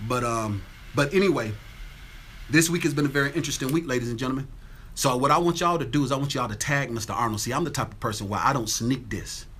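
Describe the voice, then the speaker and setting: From his Atlanta, Georgia home, with the windows open, a man hosts a casual phone livestream, greeting viewers by name and repeating his catchphrases. His husky voice sits at medium pitch, fairly bright, and he talks fast.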